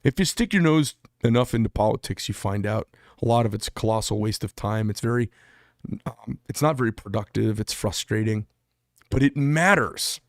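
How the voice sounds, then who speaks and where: A man's voice: fairly low pitch, moderate pace, no room sound, clean studio sound. A man hosting his own channel, delivering a blunt, heated and profane political rant. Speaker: channel host.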